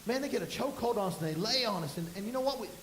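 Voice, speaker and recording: Pastor, high voice, folksy sermon, booming room with faint hiss. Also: male voice, lively intonation, rapid-fire, fairly bright tone, echoey room, rough recording. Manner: folksy storytelling, rising to emphatic bursts. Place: church sanctuary.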